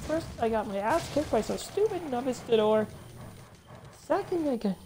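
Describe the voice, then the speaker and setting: High, swinging woman swearing at a game. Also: mellow, slight background noise. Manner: swearing, exasperated outbursts at the game. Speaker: gamer. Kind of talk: casual let's-play commentary.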